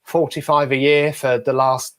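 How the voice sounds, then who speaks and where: A man's voice: mid-range voice, little pitch movement, normal speed. A young English man, a ventriloquist guest, telling stories in a chatty, self-deprecating way. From England. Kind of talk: casual interview chat.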